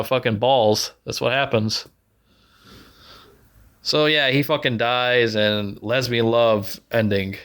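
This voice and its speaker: A man's voice: mid-range voice, a bit bright. A man giving an angry, profane movie review rant, sarcastic, swearing constantly and repeating himself.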